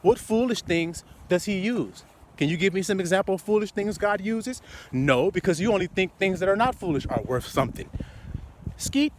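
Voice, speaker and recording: Animated profane street preacher, man. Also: high-pitched, brisk, slight background noise. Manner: animated, swings from muttering to loud outbursts, laughs often.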